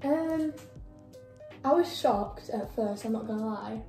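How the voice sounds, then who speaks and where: A shy young woman answers questions with short, hesitant replies, sounding a little tired. Her voice is fairly high yet mellow and soft-edged, and the room adds a noticeable echo with faint music underneath. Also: slow. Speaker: younger sister guest. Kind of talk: casual chat.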